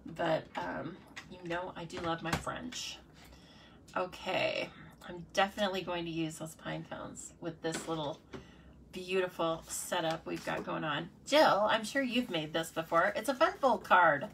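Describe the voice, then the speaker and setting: A woman's voice: lowish voice, unhurried, vocal fry, background noise. A woman demonstrating card-making in a casual live tutorial, chatty and playful, talking to herself and her viewers. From United States.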